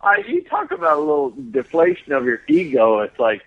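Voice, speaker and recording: A man's voice: a little high, huge pitch swings, a little fast. A man with a Texan accent telling a profane, laughing story in casual podcast chat. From Texas. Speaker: guest. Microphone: phone call. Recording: tinny phone line.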